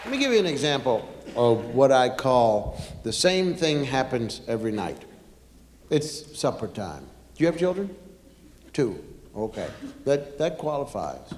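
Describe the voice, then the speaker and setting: A male comedian telling a family story on stage, unhurried and chatting directly with the audience. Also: medium pitch, sing-song, a little mellow, some chatter behind, a little hiss or hum. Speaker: stand-up comedian. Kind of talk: stand-up storytelling. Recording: echoey hall with long reverb.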